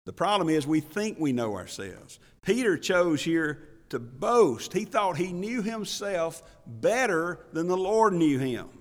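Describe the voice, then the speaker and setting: A man pastor preaching a sermon in an animated way, with laughs and asides to the congregation. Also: fairly high pitch, a little slow, few pauses. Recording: long church reverb.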